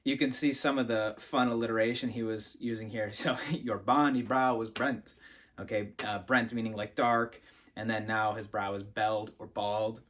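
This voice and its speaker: A young adult man hosting a poetry channel, explaining and reading a poem in a relaxed, casual way, thinking aloud with fillers and restarts. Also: on the low side, moderate pace.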